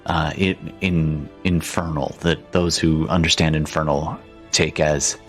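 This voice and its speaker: A man narrating a tabletop game as game master, halting with frequent ums and restarts. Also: extremely low pitch, little pitch movement, faint music behind.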